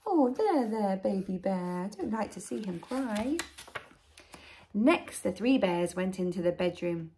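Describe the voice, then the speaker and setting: Nursery teacher, woman, storybook reading, expressive, coaxing, soft asides. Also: mid-range voice, measured pace, slight background noise. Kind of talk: storybook reading to young children.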